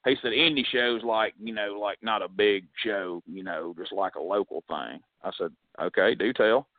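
A man's voice: lowish voice, normal speed. A man tells a story on a wrestling podcast, breaking into quoted voices for the other people in it. The sound is thin and phone-like, with no room echo. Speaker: podcast co-host. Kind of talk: casual storytelling chat. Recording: dry, phone-like audio.

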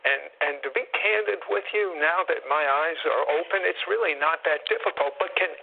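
A man's voice: on the high side, fairly quick, creaky. A man interviewing a guest in casual chat, asking follow-up questions with joking asides. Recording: tinny phone-like line with faint hiss.

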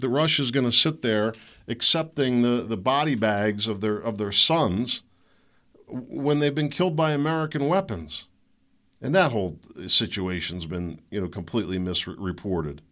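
A man's voice: mid-range voice, a bit bright. A man hosting a podcast, delivering a rambling, sarcastic and indignant political commentary monologue. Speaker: podcast host.

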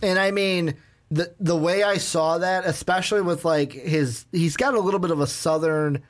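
With a fairly high voice and a moderate pace, a man co-hosts a casual podcast reviewing movies. He wanders through his points, peppers them with "like," and performs the scenes he describes.

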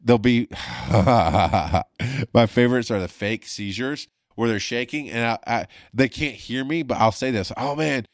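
A man's voice: mid-range voice, measured pace, dry recording, studio quality. A man hosting his own show, a former paramedic telling stories in a blunt, profane, rambling way. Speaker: podcast host, former paramedic. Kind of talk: casual storytelling monologue.

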